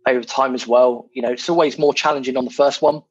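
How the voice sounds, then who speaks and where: Husky man talking property, frank and casual. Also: medium pitch, steady tone, fast talker, highs cut off. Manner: frank and self-deprecating, many fillers. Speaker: property investor guest. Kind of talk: casual podcast chat.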